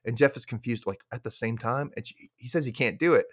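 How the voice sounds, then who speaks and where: A man co-hosting a podcast, recapping a sitcom episode and acting out the characters' lines with animated delivery. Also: mid-range voice, fast talker, no room sound, studio quality. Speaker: podcast co-host.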